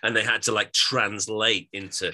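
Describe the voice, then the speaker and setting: A man talks in a casual podcast chat, explaining at length and often restarting his sentences. His voice sits fairly low but has a bright, forward edge to it. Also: little pitch movement, moderate pace. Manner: chatty, explanatory, with many restarts. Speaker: podcast co-host.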